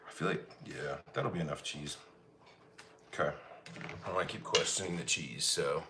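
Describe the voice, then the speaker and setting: Over a noisy background, a man with a rumbling low voice talks at normal speed. He's a livestream cooking host from Colorado who chats casually with his audience, reading comments aloud and answering them in an easygoing manner.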